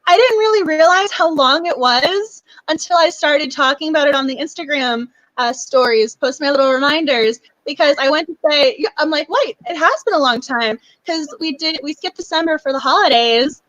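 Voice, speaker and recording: Bubbly, teary-eyed woman hosting a book club stream, bright high voice, dry close sound. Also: moderate pace, hardly any pauses, dry recording, muffled recording. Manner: bubbly, gushing, laughs often. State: emotional, near tears. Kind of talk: casual live stream chat.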